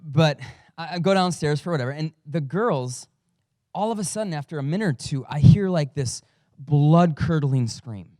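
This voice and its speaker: A man's voice: on the high side, expressive, normal speed, dark tone, dry recording, clean studio sound. A man who is a father, a pastor giving a conversational sermon with storytelling and self-deprecating humor. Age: adult father.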